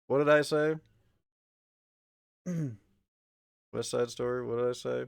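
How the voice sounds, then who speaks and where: A man's voice: medium pitch, fairly even intonation, slow pace, gravelly, smooth, dry recording. Profane, ranting male streamer, dry sound. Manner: swings from mumbled asides to loud exasperated ranting; profane, argumentative. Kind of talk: casual live-stream chat.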